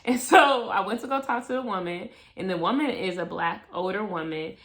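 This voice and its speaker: A young woman talks straight to camera in a relaxed storytelling vlog. Her delivery is animated and expressive. Her voice sits at an ordinary middle pitch. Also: moderate pace. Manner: animated, acts out quoted voices. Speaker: vlogger.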